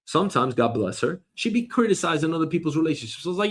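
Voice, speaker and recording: Middle-aged male comic host with a slightly high voice, loud profane rambling rant. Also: very animated, fast, few pauses, breathy edge. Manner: loud, rambling, swears a lot, mock voices.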